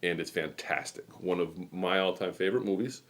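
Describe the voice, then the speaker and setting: Middle aged guy hosting, kinda low voice, rambly chatty stories. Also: steady tone, a little fast, a bit bright. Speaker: host. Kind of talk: casual chat.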